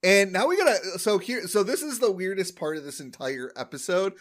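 A man's voice: sits high, lively intonation, fairly quick, fairly bright tone. A man co-hosting a podcast, recapping an episode in casual chat, rambling with lots of fillers. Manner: rambling, many fillers, acts out quotes. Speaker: podcast co-host.

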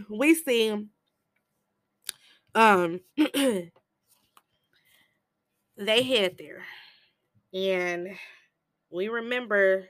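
A woman hosting a podcast, giving a casual, chatty recap of a film with animated asides. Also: medium pitch, dry recording. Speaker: podcast host reviewing a film.

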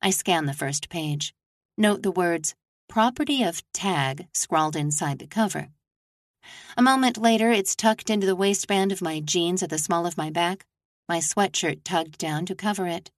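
A woman reading her novel aloud in a measured, first-person narration. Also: on the low side, dry recording, clean studio sound.

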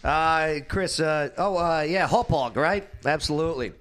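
A man's voice: fairly high pitch, a little slow, a bit bright. A man hosting a casual chat, playful and laughing often while stumbling over tricky words. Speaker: host.

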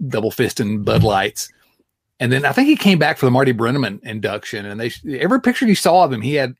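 A man's voice: fairly low pitch, slightly rough, dry recording, studio quality. A middle-aged man hosting a casual sports podcast, laughing often and restarting sentences as he talks. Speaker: podcast host.

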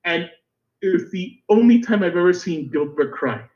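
Animated high-voiced man telling stories. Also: normal speed. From Miami. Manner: animated storyteller, laughs easily. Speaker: podcast co-host. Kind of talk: casual chat, storytelling. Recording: dull lo-fi recording.

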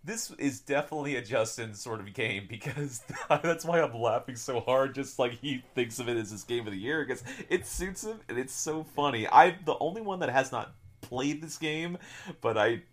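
A man's voice: mid-range voice, lively intonation, moderate pace. A man in casual chat, amused and laughing often, swearing casually.

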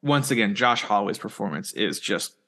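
A man's voice: fairly low pitch, animated, brisk, bright, forceful tone. A man co-hosting a casual podcast, recapping the story of a TV episode step by step in a plain, conversational way. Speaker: podcast co-host.

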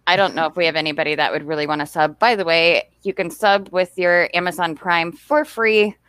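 This woman hosts a casual chat in a lowish voice, chatty and upbeat and quick to laugh. Her voice sounds dry and close to the mic. She talks easily to both her viewers and her friends. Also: fairly even intonation, a bit bright, clean tone, no echo.

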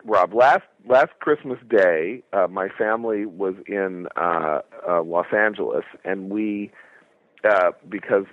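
A middle-aged man co-hosting a podcast in casual chat, halting with many fillers and restarts. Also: deep voice, dry recording. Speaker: podcast co-host. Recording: tinny phone line, dry.

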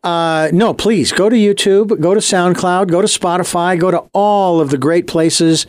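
A man co-hosting a radio show in a studio, playful and quick to chime in during casual banter. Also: high-pitched, a little mellow. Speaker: radio co-host.

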